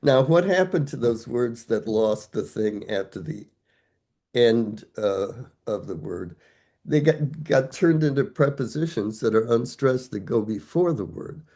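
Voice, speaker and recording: Older professor guy, slow easygoing talk, warm mellow tone, thinks out loud and asks himself questions. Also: medium pitch, animated. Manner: thoughtful, explains step by step with rhetorical questions. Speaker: guest scholar. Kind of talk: conversational academic explanation.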